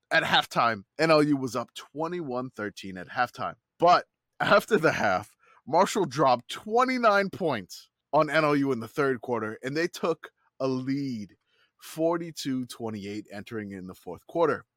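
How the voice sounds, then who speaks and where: A man hosting a casual sports podcast, recapping an old game with quick laughs and lively storytelling. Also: medium pitch, dry recording, studio quality. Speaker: podcast host.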